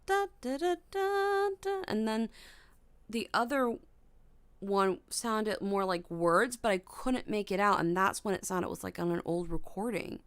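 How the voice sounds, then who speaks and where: A young woman hosting a casual livestream from her bedroom at night, startled, sometimes hushed and humming melodies high. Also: measured pace, clean tone, dry recording. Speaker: livestream host.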